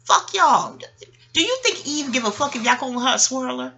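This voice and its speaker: A woman's voice: high voice, very animated, fast talker, gravelly, bright, forceful tone, a little hiss or hum. A middle-aged woman from Harlem, talking in a rambling, profane monologue, digressing and laughing often. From New York, Harlem. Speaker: astrologer and host.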